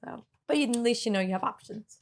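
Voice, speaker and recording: A woman's voice: a little high, fairly quick. A woman co-hosting a casual business podcast who answers questions earnestly and laughs easily. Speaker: podcast co-host.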